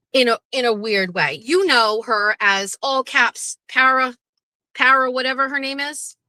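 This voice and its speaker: A woman's voice: high voice, bright, forceful tone, no room sound, rough recording. Blunt, profane woman venting in a car. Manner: blunt, profane, rambling with restarts. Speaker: host. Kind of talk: candid venting monologue. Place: parked car.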